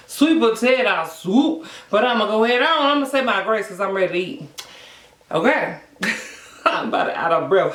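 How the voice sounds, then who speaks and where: A woman hosts a casual mukbang eating vlog, playful and sing-song, calling her viewers honey, her voice on the high side, animated, a bit bright, and at normal speed. The room is echoey with faint background noise.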